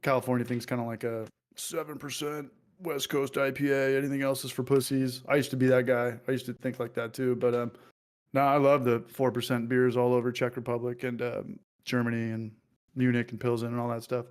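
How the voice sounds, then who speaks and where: A man's voice: medium pitch, level tone, brisk, clear, resonant tone. A man casually hosting a livestream, joking loosely and reading out viewer comments. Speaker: livestream host.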